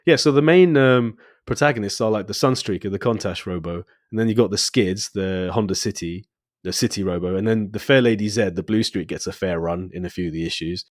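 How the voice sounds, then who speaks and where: A man's voice: on the low side, brisk, no echo, clean studio sound. A man co-hosting a podcast in casual chat, laughing often and acting out lines of dialogue. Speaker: podcast co-host.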